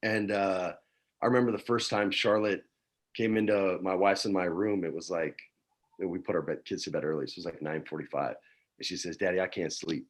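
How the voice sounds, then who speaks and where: A man in his forties from New Mexico, a guest telling stories in a relaxed chat, dropping "man" and "dude" often, on a video call from home. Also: deep voice, brisk. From New Mexico, USA. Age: 40s. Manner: laid-back, peppers talk with "man" and "dude". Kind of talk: casual storytelling chat.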